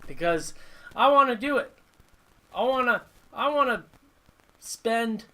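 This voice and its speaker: Chatty, rambling high-voiced man. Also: fairly bright tone, poor audio. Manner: rambling, chatty, reads viewer comments. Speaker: host of a live model-building stream. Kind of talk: casual live-stream chat. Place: home hobby workshop.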